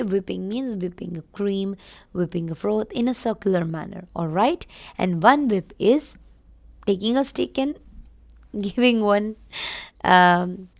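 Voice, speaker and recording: An Indian woman teaching a read-along English lesson in a slow, patient way. She repeats each word several times for children to copy, then explains what it means. Her voice sits at a middle pitch. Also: a little mellow.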